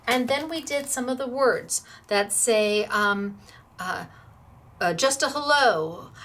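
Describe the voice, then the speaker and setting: A woman's voice: on the high side, pushed and bright, slight background noise. A middle-aged woman hosting a crafting tutorial, bubbly and encouraging as she gushes over her projects. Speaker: crafting show host.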